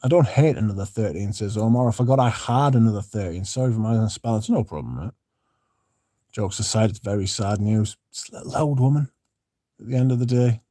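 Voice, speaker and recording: A man's voice: on the low side, brisk, warm tone, no echo, clean studio sound. A man hosting a casual livestream, reading out viewer comments and chatting in a rambling, laid-back way with the odd swear. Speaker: livestream host.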